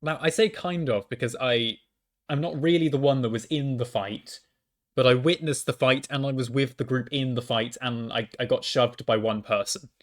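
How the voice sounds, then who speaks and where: A young man talks through a storytime at a mid-range pitch. He hesitates, stutters and restarts often, and he mocks himself as he goes. It sounds like a student recording into a microphone at home. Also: normal speed. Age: young adult. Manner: hesitant, stammering restarts, self-deprecating. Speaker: university student. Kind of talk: casual storytime monologue.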